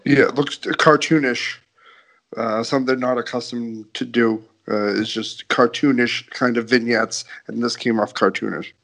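A man co-hosts a casual podcast about wrestling. His voice has an average pitch, and he delivers dry, deadpan jokes. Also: moderate pace, vocal fry. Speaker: podcast co-host. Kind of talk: casual wrestling recap chat.

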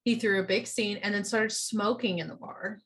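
Husky-voiced woman telling a story. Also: mid-range voice, fairly even intonation, normal speed, fairly bright tone. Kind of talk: casual chat.

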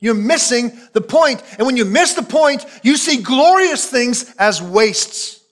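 A man preaching a sermon as pastor, emphatic and repetitive, sometimes dropping to a low, quiet voice for solemn points. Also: lively intonation, measured pace. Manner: emphatic preaching, repeating phrases for weight.

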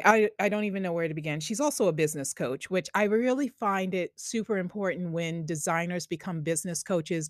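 A woman's voice: lowish voice, no echo, clean studio sound. A woman with a Long Island accent hosting a podcast in an upbeat, chatty way. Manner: bubbly, enthusiastic, chatty. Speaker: podcast host. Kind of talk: casual podcast chat.

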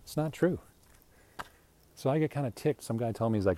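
A man's voice: medium pitch, lively intonation, brisk, warm tone. A middle-aged man casually telling a rambling, self-deprecating personal anecdote, chuckling between lines. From United States. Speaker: storyteller.

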